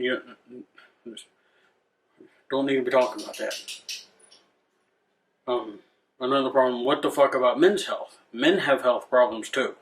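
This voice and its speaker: A man's voice: mid-range voice, fairly bright tone. A man hosting a rant video, swearing a lot, irritated and sarcastic, with frequent restarts. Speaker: channel host. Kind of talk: ranting commentary.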